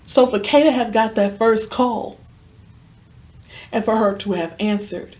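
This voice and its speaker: Unhurried, with a slightly high voice and a darkish tone, a woman recounts a personal story during a podcast interview. She earnestly performs the quoted dialogue, giving a vivid and emotionally charged retelling.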